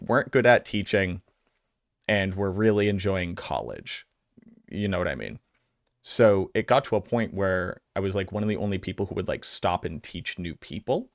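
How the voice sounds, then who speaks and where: Low-voiced man with a Boston accent. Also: no room sound, studio quality. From Massachusetts, US. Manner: rambling, filler-heavy storytelling. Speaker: streamer. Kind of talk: casual reaction commentary.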